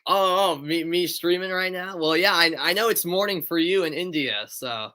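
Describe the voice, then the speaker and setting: Bright, chatty young commentator. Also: male voice, high-pitched, moderate pace. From United States. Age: young adult. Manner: chatty, reads live chat aloud between calls. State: tired. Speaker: play-by-play commentator. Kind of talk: live amateur football commentary with chat.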